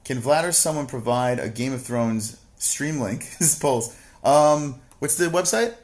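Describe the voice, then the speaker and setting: A man talking loosely on a livestream, swearing at almost every turn and drifting from mocking asides into loud, exasperated rants. His voice sits at an ordinary middle pitch for a man. He reads viewer messages aloud and answers them off the cuff. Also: lively intonation, measured pace. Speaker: livestream co-host reading chat. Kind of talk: casual profane chat.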